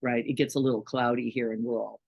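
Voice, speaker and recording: A woman's voice: a bass voice, level tone, fast talker, gravelly, darkish tone, husky, dry recording, low-quality recording. Chatty woman giving a dharma talk. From Chicago, United States. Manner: chatty, checks in with listeners with "right?" and questions. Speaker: meditation teacher.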